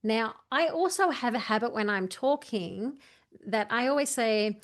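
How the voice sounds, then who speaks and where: A woman's voice: fairly high pitch, big pitch swings, normal speed. A woman coaching a video editing tutorial, chatty and walking through each step while correcting herself as she goes. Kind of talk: screen-share editing tutorial.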